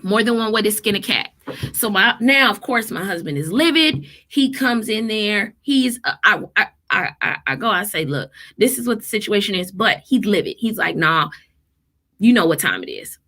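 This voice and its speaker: A woman's voice: mid-range voice, moderate pace. A woman in her thirties, a therapist and mother, telling parenting stories in a casual, emphatic vlog style. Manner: animated, emphatic, quotes people in lively voices.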